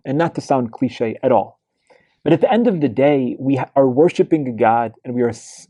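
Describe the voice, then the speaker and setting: A man with a gravelly, dark voice gives a weekly religious study lecture. He tells stories conversationally, filling gaps with fillers and restarts, and the sound is close and dry. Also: mid-range voice, dry recording. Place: mosque lecture hall.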